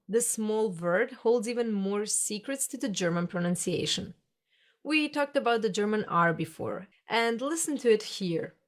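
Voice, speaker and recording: A woman narrating a pronunciation lesson in a patient, explanatory teacher's way. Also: medium pitch. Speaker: language teacher.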